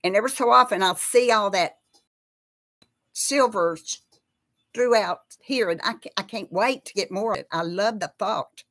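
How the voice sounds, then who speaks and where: A woman's voice: mid-range voice, normal speed, fairly bright tone. A middle-aged woman with a Texas accent, chatting casually with viewers on a live stream and calling them y'all. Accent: Texan. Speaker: host of a live chat.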